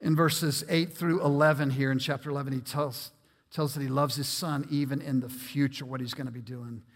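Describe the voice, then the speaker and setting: A man's voice: medium pitch, steady tone, a little fast. A man preaching a sermon as pastor, earnest and emphatic, often repeating words as he works toward a point. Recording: long reverb of a large hall.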